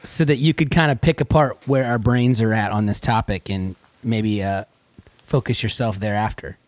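A man's voice: on the low side, normal speed, no room sound. A man hosting a casual group talk, playful and laughing often. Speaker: podcast host.

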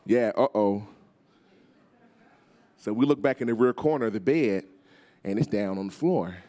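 A man's voice: medium pitch, fairly quick. A man preaching a storytelling sermon as guest speaker, acting out voices and calling on the congregation to respond. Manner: animated, acts out voices, calls on the crowd.

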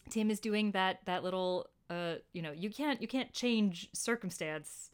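A woman's voice: medium pitch, moderate pace, hardly any pauses, clear, resonant tone. A woman in her thirties co-hosting a podcast, telling stories emphatically and swearing freely. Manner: emotional, emphatic storyteller who swears freely. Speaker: podcast co-host. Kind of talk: casual chat.

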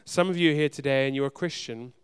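Male pastor, smooth resonant voice, earnest sermon delivery, loud urgent swells and hushed low moments. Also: fast. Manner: earnest, direct address to the congregation.

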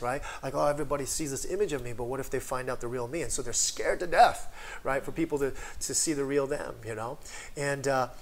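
Fervent male pastor, slightly high voice. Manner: swings between shouted praise and soft conversational asides; repetitive, call-and-response with many "right?" and "amen". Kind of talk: livestreamed sermon.

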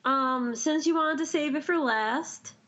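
A woman's voice: high voice, a little slow, pushed and bright, lo-fi sound. A woman co-hosting a casual anime review chat, mostly giving short agreeing replies and some thoughtful opinions. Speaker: podcast co-host.

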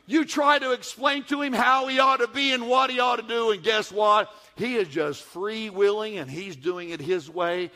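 A man preaching a sermon as pastor, moving from hushed lines to loud emphatic ones and slowing down to repeat key phrases. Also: high-pitched.

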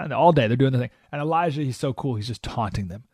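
A man's voice: medium pitch, fast, a little mellow, husky, dry recording, clean studio sound. A man hosting a radio talk show, giving an emphatic, opinionated monologue and acting out the voices he quotes. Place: radio studio.

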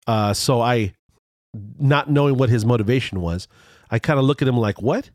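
Guy, mid pitch, talks in dry close sound, restarts a lot, gets animated. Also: normal speed, no room sound. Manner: rambling with frequent restarts and fillers; animated, jumps higher when excited. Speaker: vlogger telling a road story. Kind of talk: casual storytelling.

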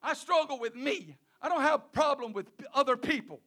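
A male preacher delivering a sermon in a halting way, often repeating words and restarting, with chuckles between phrases. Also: extremely high pitch, expressive, bright, forceful tone.

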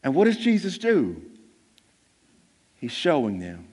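A male pastor preaching a sermon in a conversational way, jumping between loud bursts and hushed lines and acting out the voices of people in the story. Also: medium pitch, huge pitch swings, takes it slowly, long pauses. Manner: conversational, acts out voices of disciples. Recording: long hall reverb.

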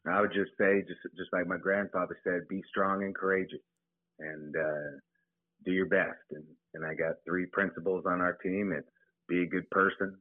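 A man, a high school football head coach, talking plainly in an interview, often repeating words as he starts sentences. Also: fairly even intonation, normal speed, dry recording. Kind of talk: casual interview. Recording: tinny phone line, dry.

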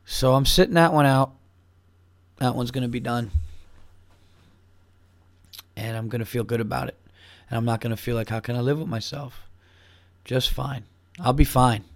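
A man's voice: medium pitch, fairly even intonation, normal speed, vocal fry, long pauses, no room sound. A man hosting a podcast, a little buzzed, ranting profanely in a rambling casual monologue. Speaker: podcast host.

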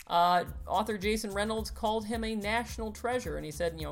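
A woman's voice: mid-range voice, brisk, hardly any pauses, soft background music. A woman co-hosting a casual book chat, chatty and playful with jokey asides. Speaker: podcast co-host.

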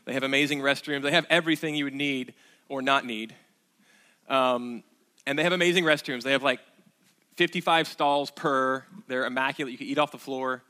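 A man's voice: medium pitch, fairly even intonation, brisk, pushed and bright. A man, preaching a sermon as pastor in a conversational, emphatic way, repeating key phrases.

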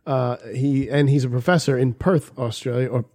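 Mellow-voiced man reading news with jokes. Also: mid-range voice, steady tone, normal speed. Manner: jokey, drops into silly put-on voices. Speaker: podcast co-host. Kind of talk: crude casual banter, reading a news article.

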